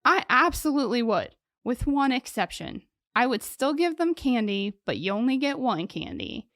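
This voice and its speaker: A woman's voice: a little high, big pitch swings, normal speed, a bit bright, no echo. Chatty woman, dry close sound. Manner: joking, chatty, lots of "like" fillers. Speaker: podcast co-host telling the case. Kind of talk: casual true-crime chat.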